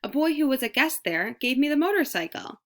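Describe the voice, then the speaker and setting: A woman voicing a small, eager male mouse who pleads in a high, excited voice. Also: a little fast.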